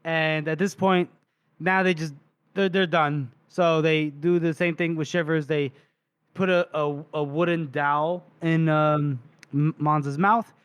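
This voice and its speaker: A man's voice: fairly high pitch, unhurried, smooth. A man co-hosting a book podcast, recapping a chapter in casual chat and acting out the characters' lines as he goes. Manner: animated retelling that acts out characters' lines. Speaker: podcast co-host.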